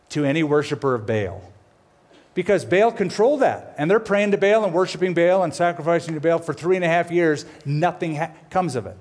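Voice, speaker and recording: A middle-aged man preaching a sermon, telling a story with lively, animated delivery and acting out quoted characters. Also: brisk. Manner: animated storytelling, voices quoted characters with big pitch swings. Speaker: pastor.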